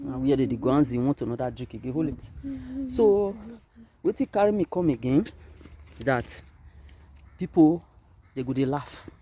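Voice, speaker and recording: A Nigerian woman with a Nigerian Pidgin English accent, talking to her camera at a cemetery, moving between quiet grief and loud, animated outbursts. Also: very deep voice, slight background noise. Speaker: vlogger. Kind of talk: emotional direct-to-camera monologue. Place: outdoors at a cemetery.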